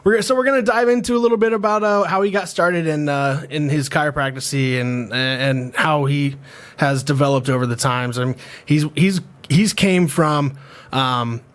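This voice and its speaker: A man's voice: a little high, normal speed, a bit bright. A man co-hosting a podcast in casual chat, rambling with many restarts and laughing easily. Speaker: podcast co-host.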